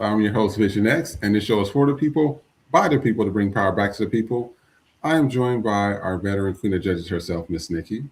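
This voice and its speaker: A man's voice: fairly low pitch, brisk. A man hosting a live podcast, greeting viewers in the chat one by one in a loose, chatty way full of "uh"s. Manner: loose and chatty, lots of "uh" while reading out viewer names. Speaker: podcast host.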